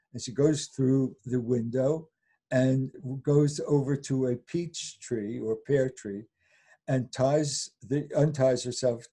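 Older man, interview guest, storytelling, chuckling, mellow tone, husky edge. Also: mid-range voice. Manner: chuckles through retellings, acts out voices. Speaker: fairy tale scholar guest.

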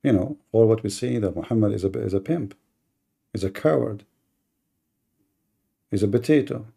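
Gravelly, mocking male debate host. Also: fairly low pitch, lively intonation, normal speed, dark tone. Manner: mocking, provocative, challenging listeners. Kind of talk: combative live-stream monologue.

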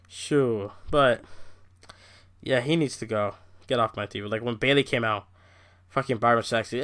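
Ranting young man with a sharp bright voice. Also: medium pitch, normal speed. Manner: profane, ranting, animated. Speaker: wrestling review vlogger. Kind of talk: casual rant review.

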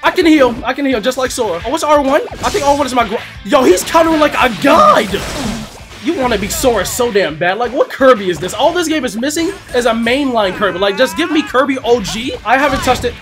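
A man with a high, lively voice rattles off slang-filled commentary while he plays a fighting game. He jumps from loud outbursts to laughter, his pitch swinging constantly. Bouncy game music plays loudly behind him. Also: fairly quick. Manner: excitable, shouting and laughing, heavy slang. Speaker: gaming YouTuber. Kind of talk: excited gameplay commentary.

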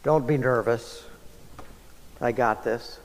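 A man's voice: medium pitch, slow pace. A man preaching a sermon in a church, conversational and self-deprecating with light humor. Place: church sanctuary. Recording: long church reverb.

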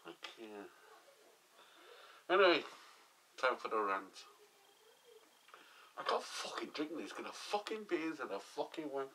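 Brief: man, vlogger, slow grumbling rant full of swearing, recorded from a distance with a noisy background. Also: medium pitch, big pitch swings. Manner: grumbling, swears nearly every line. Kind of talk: weekly rant vlog.

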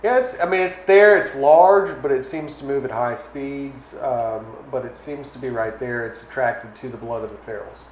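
A man's voice: mid-range voice, normal speed, few pauses. A man running a tabletop game as game master, narrating scenes vividly with the odd filler. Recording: echoey room, faint noise.

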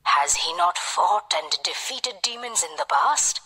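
A woman voicing a calm, resolute mother in a storybook, speaking reassuringly. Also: fairly low pitch, unhurried, husky, full character voice. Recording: long hall reverb.

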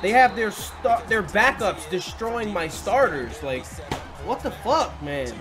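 A young man commentating his football video game play, excitable and frequently swearing and yelling at the players. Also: high-pitched, slow pace, over music. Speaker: gaming commentator.

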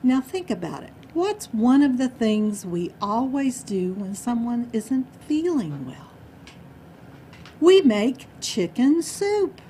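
A woman giving a storytelling speech at a club meeting, dramatic and expressive, dropping to hushed asides. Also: on the high side, unhurried, few pauses, slight background noise. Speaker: Toastmasters speaker. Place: meeting room.

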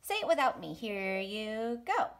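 A woman teaching a music lesson to young children online, speaking slowly and encouragingly with sing-song rhythm drills. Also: a little high, very animated, a bit bright. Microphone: home recording for an online class.

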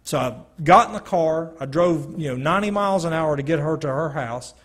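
A man telling his personal testimony to a live audience, slowly and earnestly, with dramatic pauses. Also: on the high side, animated, fairly bright tone. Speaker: speaker giving a personal testimony.

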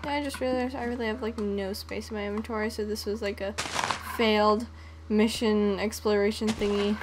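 A woman's voice: medium pitch, steady tone, fairly quick, heavy background noise. A young woman giving casual, playful gameplay commentary, often singing and humming to herself. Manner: playful, sings and hums to herself. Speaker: gaming channel host.

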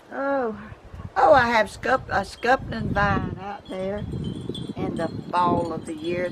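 A woman's voice: medium pitch, creaky. An older woman from Georgia with a Southern accent, chatting casually and rambling in a folksy way outdoors in her yard. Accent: Southern American. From Georgia, USA. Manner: rambling, folksy, chuckling asides. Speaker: vlogger. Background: wind chimes and outdoor ambience.

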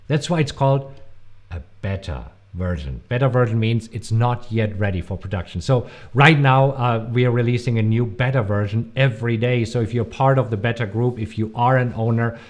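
A man's voice: medium pitch, a little mellow. A man with a German accent, hosting a live-stream Q&A. He answers viewers' questions with emphatic warnings and many fillers. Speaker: host.

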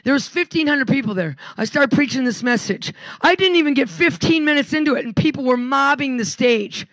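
A woman preaching a sermon, telling testimonies in an animated storytelling way. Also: high voice, brisk, dry recording. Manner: animated storytelling, quoting others.

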